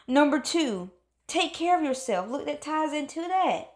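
A woman's voice: sits high, animated, a little slow. A woman giving a motivational pep talk, emphatic and preachy, repeating phrases for stress. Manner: calls on God in exclamations. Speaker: motivational speaker.

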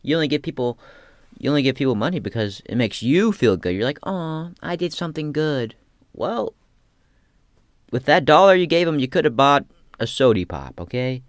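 A man's voice: medium pitch, big pitch swings, brisk, dry recording. A young man talking in a casual rambling monologue, slangy and profane, with lots of restarts. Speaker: aspiring comedian.

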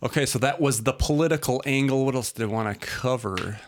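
Tipsy guy hosting a chat show, rambly, laughs a lot, regular pitch. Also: brisk. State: tipsy from drinking. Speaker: podcast host. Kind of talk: casual chat.

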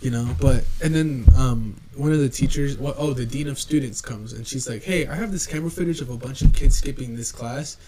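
Young man, podcast co-host, casual chat, heated story, swears a lot, clear background noise. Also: medium pitch, fairly quick, few pauses. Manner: heated storytelling, heavy swearing, acts out quoted people.

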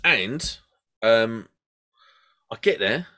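A man's voice: medium pitch, expressive, drawn-out words, pushed and bright. Chatty man. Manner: chatty storyteller, laughs often. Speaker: podcast co-host. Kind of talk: casual chat.

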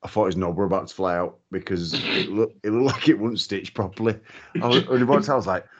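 A podcast co-host with a fairly low voice and quick pace chats casually, swearing freely and laughing a lot as he tells stories. The audio is dull and lo-fi.

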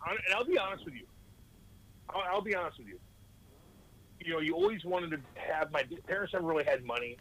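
A man, a former hockey player, telling rambling, profane stories in a casual podcast chat with lively voiced quotes. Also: fairly high pitch, low-quality recording.

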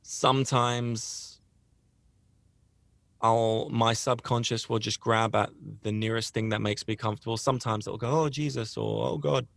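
A man's voice: mid-range voice, fairly even intonation, a little slow, creaky, a bit bright, no room sound. A man hosting a podcast, telling a personal story in a rambling, earnest way with frequent restarts. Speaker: podcast host. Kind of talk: casual storytelling.

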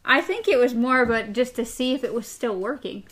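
A woman with a fairly high voice reads a novel aloud with a co-host. Between passages she chats casually, teasing and quick to laugh. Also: animated, a bit bright. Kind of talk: reading aloud with casual commentary.

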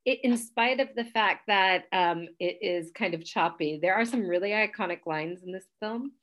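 A woman's voice: mid-range voice, moderate pace, fairly bright tone. A woman co-hosting a casual movie podcast, chatty and easygoing, often laughing. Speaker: podcast co-host.

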